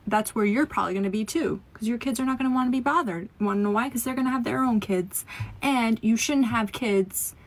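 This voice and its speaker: A woman's voice: on the high side, fairly quick. A woman in a played clip giving her opinion bluntly and lecturing her viewers, with some swearing.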